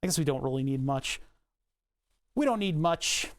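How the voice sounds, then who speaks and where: A man with a fairly high voice hosts a casual livestream, narrating his desk work in an animated, slightly raised voice at a moderate pace. Between steps he rambles, mocks himself, and swaps jokes with the chat.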